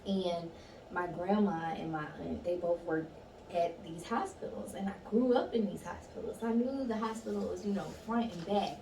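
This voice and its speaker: A woman's voice: lowish voice, moderate pace, warm tone. A woman in a casual conversation, telling an emotional personal story with candour. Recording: echoey room, far mic, noisy.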